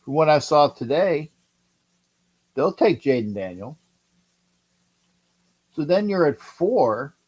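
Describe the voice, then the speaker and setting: A middle-aged man hosting a livestream, calling a football game and answering chat, excitable and repeating himself as he urges his team on. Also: a little high, slow pace, pauses often, slightly rough. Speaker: livestream host. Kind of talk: live game-watch commentary with chat.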